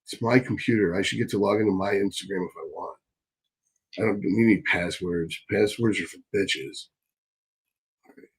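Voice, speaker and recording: A man hosting a live stream Q&A, reading chat questions and answering bluntly, swearing often and getting excitable. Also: lowish voice, normal speed, long pauses, slightly rough, rough recording.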